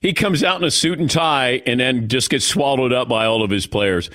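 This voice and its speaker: A man's voice: mid-range voice, normal speed, fairly bright tone, dry recording, studio quality, a faint crowd. A man hosting a sports talk radio show, bantering playfully with his crew.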